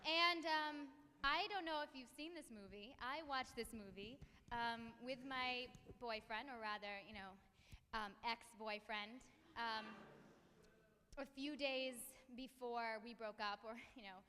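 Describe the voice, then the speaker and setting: Slow, rambling young woman on a hall stage. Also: fairly high pitch, pushed and bright, clear, resonant tone. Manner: rambling, hesitant, with many ums. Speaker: emcee at a college a cappella concert. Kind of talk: comic stage banter. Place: concert hall with a live audience.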